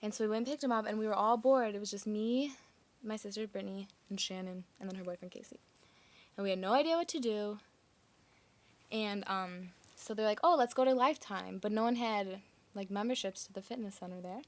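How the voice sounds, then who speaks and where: A woman's voice: medium pitch, fairly quick. A woman casually telling a personal story, chatty and full of "like" fillers.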